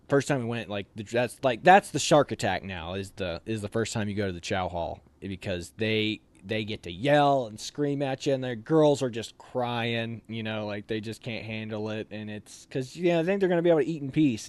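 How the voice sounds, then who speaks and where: An American man telling army stories in a casual, animated way, with loud barked drill commands now and then. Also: lowish voice, normal speed, dry recording. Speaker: officer candidate telling stories. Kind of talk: casual storytelling.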